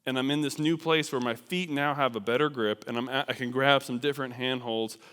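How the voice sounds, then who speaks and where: A man with a bright, clear voice tells a personal story to a church congregation. He talks in an animated, self-deprecating way, leaning on casual fillers. His voice carries a long reverb from the large sanctuary. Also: medium pitch, fairly quick. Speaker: missionary speaker. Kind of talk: storytelling sermon.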